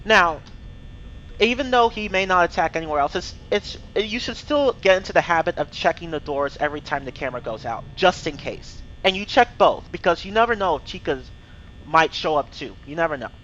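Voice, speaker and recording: A man's voice: fairly high pitch, lively intonation, brisk, fairly bright tone. A young man casually explaining a video game's mechanics as he plays, cursing when things go wrong. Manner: cursing, exasperated outbursts. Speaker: gameplay streamer. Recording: dull lo-fi mic with faint hiss.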